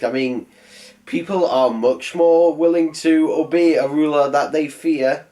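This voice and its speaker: A man's voice: fairly high pitch, darkish tone. A man voicing a sarcastic, rambling film review. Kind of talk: comedic film review voice-over.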